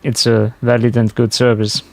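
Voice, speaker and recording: A man's voice: medium pitch, monotone, normal speed, gravelly, dry recording, soft background music. A man chatting casually to his stream viewers while playing, musing aloud as he goes. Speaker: game streamer. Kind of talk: casual live-stream commentary.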